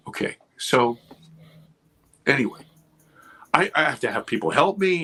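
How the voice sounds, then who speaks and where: A man in his fifties, a podcast guest and producer, telling an intense personal story with swearing and animated retelling. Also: medium pitch, moderate pace, breathy edge. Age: 50s. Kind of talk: emotional storytelling in conversation.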